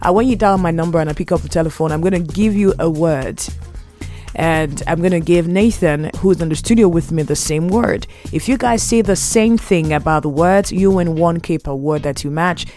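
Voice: medium pitch, moderate pace, a little mellow, faint music behind. A Nigerian radio host running a call-in word game with a playful, laughing manner. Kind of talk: lively call-in radio chat. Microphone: studio microphone.

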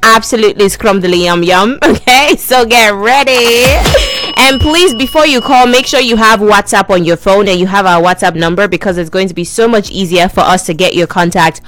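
A woman radio presenter, hosting a lively call-in giveaway in a playful, teasing way. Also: mid-range voice, normal speed, faint music behind. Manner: playful, teasing, repeats herself.

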